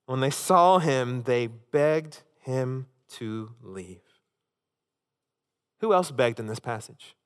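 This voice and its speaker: A man preaching a sermon as pastor, impassioned, swinging between loud urgency and hushed intensity. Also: medium pitch, long reverb tail.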